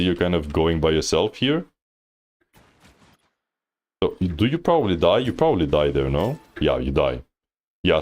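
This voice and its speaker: A man coaching on a livestream, reviewing a player's match in a laid-back, slangy, teasing way and laughing often. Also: low-pitched. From Thailand. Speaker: game coach reviewing gameplay. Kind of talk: casual livestream coaching commentary.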